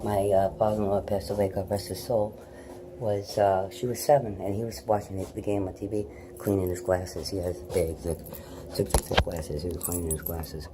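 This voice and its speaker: A middle-aged woman vlogging, telling rambling personal stories in a blunt, profane manner that swings between loud and hushed. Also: a bass voice, flat delivery, normal speed, noisy background.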